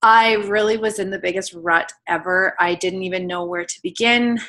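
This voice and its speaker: Her fairly low voice stays steady and fairly bright at a normal speed. In her thirties, she gives a heartfelt personal testimony as a guest on a team call, speaking loosely with lots of filler words.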